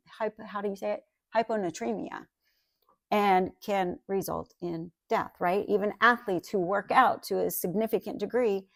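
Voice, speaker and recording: A woman preaching a sermon in an earnest, emphatic way, breaking into chatty asides to her listeners. Her voice sits at a middle pitch. The sound is dry and close, with no room echo. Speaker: Bible teacher.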